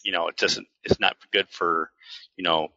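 A man with a very deep yet sharp, forceful voice reasons aloud on a live online show, full of fillers. He comes through a video call, dry and muffled. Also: little pitch movement, normal speed, vocal fry, no echo. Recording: dull lo-fi call audio.

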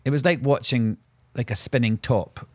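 Man, podcast co-host, anecdotal and rambling, mid pitch, dry studio sound. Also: normal speed, dry recording. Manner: rambling, self-interrupting anecdotes with many restarts. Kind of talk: casual storytelling chat.

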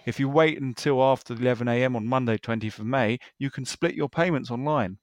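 A man co-hosting a podcast, reading tweets in a brisk, wry way. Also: mid-range voice, dry recording, studio quality. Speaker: podcast co-host. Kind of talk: casual chat, reading tweets.

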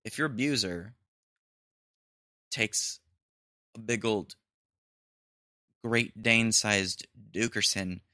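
Here a young male podcast host, medium-pitched with a pushed, bright delivery, rants on his own. Expect ums, restarts, rambling, and crude humor. The studio-quality audio has no echo.

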